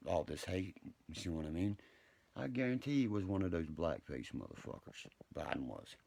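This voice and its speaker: A man's voice: low-pitched, sing-song, normal speed, vocal fry, a little mellow, slight background noise. A man ranting on a livestream, profane, combative and rambling from one point to the next.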